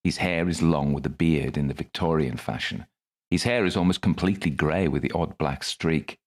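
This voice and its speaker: A man's voice: extremely low pitch, moderate pace. A man narrating his own first-person story in a dry, wry manner.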